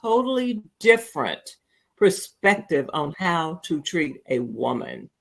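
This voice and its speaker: A woman hosting a podcast in casual chat, an animated storyteller who acts out the quotes. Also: sits low, slow, vocal fry. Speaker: podcast host.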